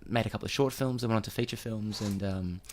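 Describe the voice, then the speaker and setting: Director losing his voice, hesitant and halting, on a studio mic, radio guest. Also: on the low side, darkish tone, a little hiss or hum. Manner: hesitant, lots of ums and restarts. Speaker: film director. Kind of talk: casual radio interview guest. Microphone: studio microphone.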